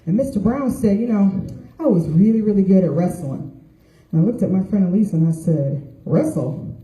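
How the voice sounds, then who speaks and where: A woman's voice: mid-range voice, animated, a little fast, dark tone. A middle-aged woman doing a stand-up comedy set, telling stories and voicing the people in them. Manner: storytelling with voiced quotes of others. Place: stage with audience laughter. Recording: echoey room.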